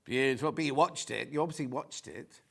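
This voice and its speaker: A man's voice: mid-range voice, brisk, vocal fry, breathy edge. A British man presenting a live sewing shopping show, chatty and teasing as he reads out prices and viewer messages in a TV studio.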